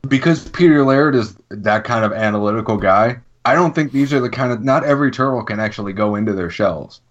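A man's voice: medium pitch, fairly quick. A man co-hosting a casual chat, offhand and joking. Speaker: podcast co-host. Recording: dull lo-fi sound.

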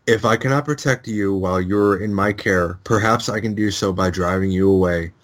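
A man's voice: lowish voice, natural voice. A man reading as Splinter, solemn old rat master. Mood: grave. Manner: formal, measured reading of dialogue. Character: old male rat sensei, solemn and grave.

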